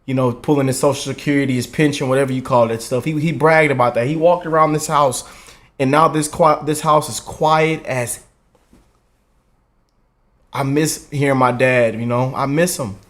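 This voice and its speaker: A man's voice: medium pitch, fairly even intonation, normal speed, a bit bright. A man hosting a reaction channel, speaking in a heartfelt, emotional way and often adding "man" and "y'all". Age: 20s.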